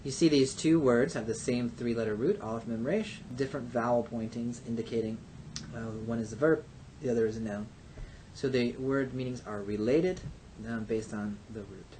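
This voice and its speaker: Methodical male language teacher, faint rumble. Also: fairly even intonation, moderate pace, mellow. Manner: methodical, explains step by step with frequent uh and um. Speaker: Hebrew teacher. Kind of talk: recorded grammar lecture.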